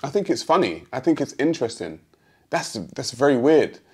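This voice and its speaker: A British man hosting a response video, speaking in a measured, calmly pointed way straight to his critic. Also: medium pitch, breathy edge. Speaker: host answering a critic. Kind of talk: direct-address response video.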